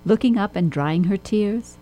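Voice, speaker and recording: A woman narrating a children's storybook with a steady, expressive reading. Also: medium pitch, unhurried, poor audio.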